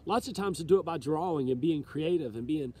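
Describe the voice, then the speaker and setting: A man with a notably high voice delivers an earnest, emotional sermon straight to camera. He speaks alone outdoors near trees and slows down to read scripture. Faint outdoor ambience sits behind him. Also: darkish tone, slight background noise. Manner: earnest, preachy, reads scripture slowly. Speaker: self-styled preacher.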